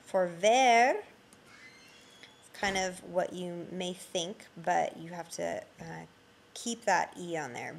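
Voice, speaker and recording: A woman's voice: lowish voice, slow pace, vocal fry, a little hiss or hum. A woman teaching a grammar lesson, patiently explaining with frequent ums, reading example sentences and then translating them. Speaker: Spanish teacher. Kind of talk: slide-based grammar lesson.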